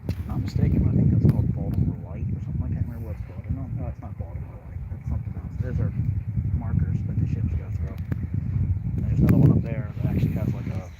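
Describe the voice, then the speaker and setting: A man vlogging outdoors by the water on a cold day, chatting in a relaxed, rambling way and talking to his dog. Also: fairly low pitch, very fast, phone-quality sound. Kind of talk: casual outdoor vlog chat. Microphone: handheld phone camera. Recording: outdoor phone recording with background noise.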